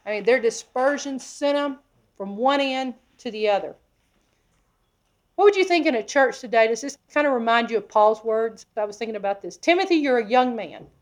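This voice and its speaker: Speaking at a normal speed with lively intonation, this high-voiced woman preacher gives an expository sermon on the Bible. Emphatic throughout, she keeps questioning her listeners, alternating loud, pressing passages with quiet, hushed asides.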